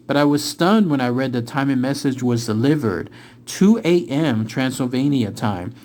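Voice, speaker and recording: A man reading aloud from a book about a frightening ritual, his voice lifting at the tense turns and slowing down for each reveal. He then drops into easy, casual talk as he goes over the chapter. His pitch sits in the middle for a man. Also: darkish tone. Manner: dramatic storytelling, rising for tense moments and slowing for reveals. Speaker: book reader and channel host.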